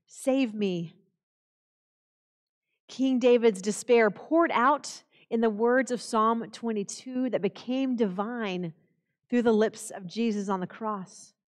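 A woman pastor preaching a sermon in a church, slow and solemn, quoting scripture. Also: on the high side, big-room sound. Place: church sanctuary.

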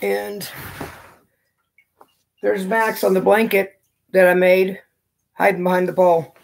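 A man's voice: sits high, flat delivery, slow pace, gravelly, long pauses. A man chatting casually as he opens fan mail on his knitting vlog, gushing and thinking aloud. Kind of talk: casual unboxing chat.

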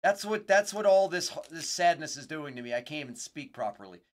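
A man hosting a card break, joking and mournful, swinging from low mutters to loud cravings. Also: expressive, fairly quick. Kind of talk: casual live card-break chat.

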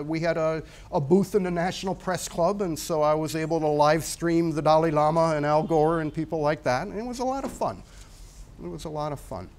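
A man in his sixties giving a talk, telling stories in a relaxed, conversational way with frequent fillers. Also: high voice. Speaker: guest speaker. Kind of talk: storytelling talk.

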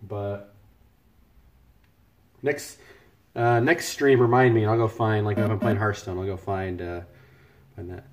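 A man's voice: fairly low pitch, steady tone, a little slow, pauses often. A man chatting casually on a cooking livestream, joking and thanking viewers by name. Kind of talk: casual live-stream chat while cooking. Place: home kitchen.

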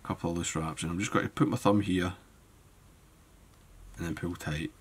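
A man giving a relaxed step-by-step fly-tying tutorial, thinking aloud as he works. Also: sits low, moderate pace, noisy background.

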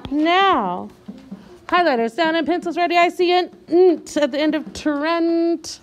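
A high-voiced woman teaching young children to read. She speaks slowly and clearly, stretching out words so the children can follow, with a patient classroom manner. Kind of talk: reading lesson for young children.

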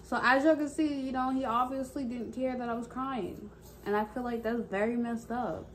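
A woman's voice: on the high side, fairly even intonation, normal speed. A woman in a casual vlog, playfully scolding a toddler and talking to viewers. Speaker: parent vlogger. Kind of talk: casual prank vlog talk.

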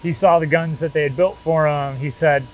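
A man from Michigan, a guest in a casual interview, telling a story in a relaxed way with lots of fillers. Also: a little high, normal speed, slight background noise, low-quality recording. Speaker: guest, bassist and machine shop manager.

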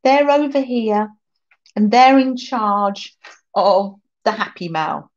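A woman's voice: medium pitch, lively intonation, takes it slowly, highs cut off. A woman hosting a craft livestream, chatting casually, reading out viewer comments and laughing often.

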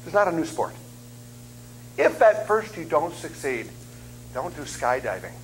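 With a voice on the high side, a middle-aged guest preacher speaks at a measured pace, leaving long pauses. His church sanctuary sermon is joking and animated, with acted-out voices and screams, in a rough recording with slight background noise.

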